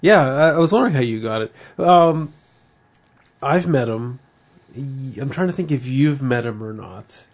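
Gravelly man in relaxed podcast chat. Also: mid-range voice, moderate pace. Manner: relaxed, rambling, laughs often. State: a bit tipsy from beer. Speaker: podcast co-host. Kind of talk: casual chat.

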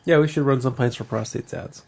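A man's voice: medium pitch, fairly quick, gravelly, a little mellow, slightly rough. A man co-hosting a podcast, chatting casually and rambling, laughing often, a bit tipsy from beer. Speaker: podcast co-host. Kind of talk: casual chat.

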